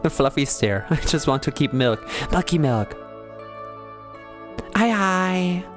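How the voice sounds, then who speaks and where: A streamer playing a visual novel live, chatting and musing aloud about the story, giggling often and sometimes breaking into high excited squeals. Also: slow pace, music in the background. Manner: bursts into high excited squeals when greeting; reads game narration in a soft, low, dreamy tone. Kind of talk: live-stream gameplay commentary.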